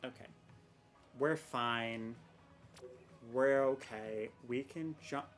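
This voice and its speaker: A woman's voice: rumbling low, very slow, long pauses, faint music behind. A young woman streaming a game, chatting casually and rambling with self-mocking exasperation about her technical troubles. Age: young adult. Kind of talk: casual live-stream chat.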